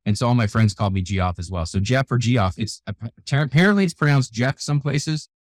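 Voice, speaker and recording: An older man with gray hair, a youth keynote speaker, telling animated stories in a radio interview. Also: mid-range voice, brisk, dry recording. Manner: energetic, animated storyteller who acts out quotes. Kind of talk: storytelling interview talk. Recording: dry close sound, radio show.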